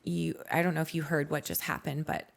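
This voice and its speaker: A woman's voice: low voice, level tone, brisk, creaky. A woman in her forties, a podcast guest, frankly telling her life story in a blunt, candid way. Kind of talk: candid personal testimony.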